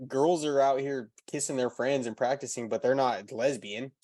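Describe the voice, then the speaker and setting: A man ribs and argues with his co-host in relaxed podcast talk. The sound is dry and close, with no room around it. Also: medium pitch, moderate pace, dry recording. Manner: teasing, argumentative. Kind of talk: casual chat.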